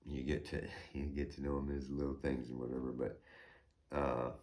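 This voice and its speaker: A middle-aged American man with a very deep, low-pitched voice, talking in a rambling, profane personal vlog. He drifts between quiet, trailing asides and heated, indignant stretches. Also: little pitch movement, moderate pace. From United States. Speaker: homeowner vlogger.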